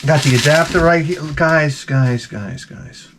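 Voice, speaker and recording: A man hosting an unboxing vlog, talking in an excitable, rambling way with frequent exclamations. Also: a little high, unhurried, background noise. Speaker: YouTube host.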